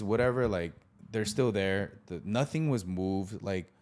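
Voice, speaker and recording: A man in his thirties hosts a podcast and tells a childhood story in a casual way. His voice sits on the low side, and it swings up high when he acts out what people said. He laughs often while he talks. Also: expressive, moderate pace.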